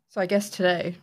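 A woman with an Australian accent, co-hosting a podcast in casual chat, chatty and quick to laugh. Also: mid-range voice. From Western Sydney, Australia. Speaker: podcast co-host.

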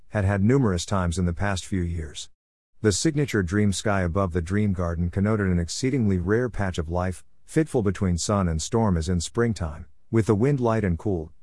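A man narrating a novel in a measured, descriptive storytelling manner. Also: low voice, a little mellow, no room sound, studio quality. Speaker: audiobook narrator. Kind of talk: scripted narration.

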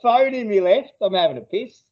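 Mellow-voiced man, rambling. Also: high-pitched, animated, fairly quick, muffled recording. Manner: rambling anecdotes, frequent swearing, laughs at own stories. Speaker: podcast co-host. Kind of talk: casual crude banter.

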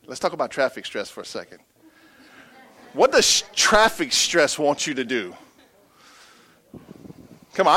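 A middle-aged male pastor preaching a sermon, humorous and animated, swinging from hushed asides to emphatic bursts. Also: mid-range voice.

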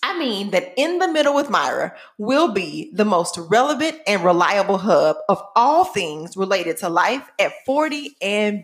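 A woman in her forties from Texas, speaking with a Texan accent. She opens her own podcast as host, lively and playful, stressing words with emphasis. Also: mid-range voice. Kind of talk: enthusiastic podcast intro.

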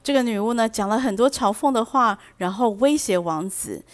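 A woman teaching vocabulary through a storybook, reading each line slowly and then translating and explaining it. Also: a little high, animated. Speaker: English teacher. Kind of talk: bilingual storybook lesson.

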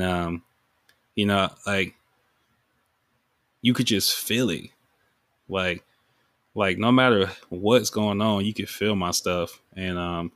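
A man's voice: sits low, fairly bright tone, dry recording. A man hosting his own podcast, talking in a rambling, emotional way about his music, with many fillers. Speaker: podcast host and music artist. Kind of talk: casual reflective monologue.

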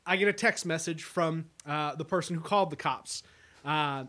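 A man's voice: fairly high pitch, moderate pace, pushed and bright. A man speaking in casual chat, chatty, with frequent restarts.

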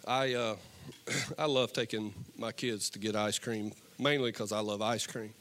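A man's voice: fairly low pitch, fairly even intonation, a little slow. A man preaching a sermon as pastor, moving between fervent appeals and joking stories. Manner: impassioned, then joking storytelling. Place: church stage. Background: soft guitar worship music.

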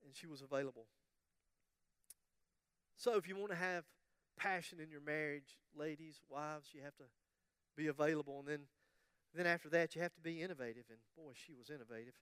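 A man with a high, smooth voice delivers a sermon in a dry, close sound. He tells a story with humor and acts out the voices of the people in it. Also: brisk, long pauses, a bit bright, no echo. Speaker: pastor.

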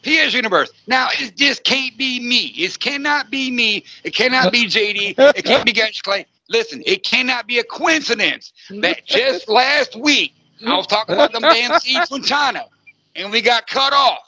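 A man's voice: very high-pitched, animated, normal speed, sharp tone. A man hosting a podcast, ranting emphatically in casual talk, repeating himself and swearing constantly. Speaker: podcast host. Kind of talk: profane ranting podcast chat.

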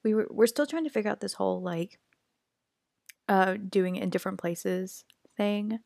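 Young woman podcast co-host, gravelly fry, dry close sound, chatty and rambling. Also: mid-range voice, steady tone, normal speed, dark tone, no room sound. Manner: chatty, rambling, self-aware. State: recovering from illness. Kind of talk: casual podcast chat. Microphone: home computer mic, remote recording.

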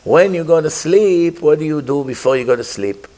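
A man's voice: fairly high pitch, expressive, normal speed, mellow. A man teaching a Torah class, asking his listeners rhetorical questions and mixing Hebrew terms into his English. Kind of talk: religious class.

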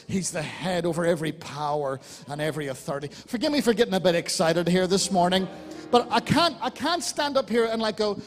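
A man with an Irish accent, the lead pastor of a church, preaching a fervent sermon that swings between loud exclamations and quiet appeals. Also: high-pitched, expressive, fairly quick, big-room sound. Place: large church hall.

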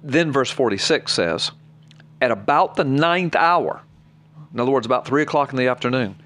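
A man's voice: mid-range voice, expressive, normal speed, a bit bright. A man, a preacher on a podcast, reading scripture aloud and explaining it plainly to his co-host in an earnest, personal way. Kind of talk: podcast Bible teaching.

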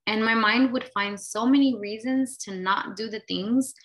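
A woman's voice: fairly high pitch, moderate pace, rough recording. A woman in her late twenties or thirties telling a personal story in a candid, casual way, full of "like" and "right?" fillers. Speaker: vlogger sharing her story.

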